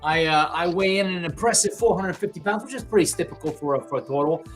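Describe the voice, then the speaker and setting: A man's voice: high voice, quick pace, faint music behind. A man playing in a tabletop game, a playful storyteller who teases the game master. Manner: playful storyteller, teasing the host. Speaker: player.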